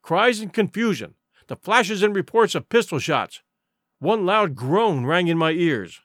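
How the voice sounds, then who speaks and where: A man's voice: sits high, big pitch swings, a little slow, fairly bright tone, no room sound, clean studio sound. A man narrating an adventure audiobook in a vivid, dramatic storytelling manner.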